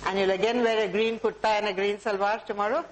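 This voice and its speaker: A woman's voice: mid-range voice, steady tone, fast talker, background noise. A woman with an Indian English accent giving a motivational talk to a live audience, speaking directly to listeners and calling on them by name. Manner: warm, direct, addresses audience members by name.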